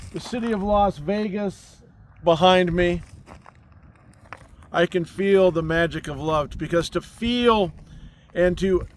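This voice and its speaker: Slow, high-voiced man preaching outdoors. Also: a little hiss or hum. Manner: slow, soothing, repetitive affirmations. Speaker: spiritual speaker. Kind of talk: inspirational sermon. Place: outdoors on a mountain overlooking a city.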